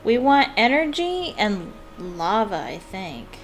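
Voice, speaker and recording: A woman's voice: medium pitch, very animated, slow pace, faint music behind. A woman giving casual commentary while playing a video game, thinking aloud with fillers and laughing easily. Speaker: let's play gamer.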